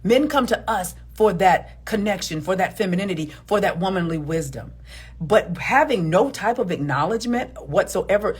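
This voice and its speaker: Woman relationship commentator, husky and animated, preachy and emphatic delivery. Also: mid-range voice, moderate pace. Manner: emphatic and preachy, repeats words for stress. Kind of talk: opinionated video commentary.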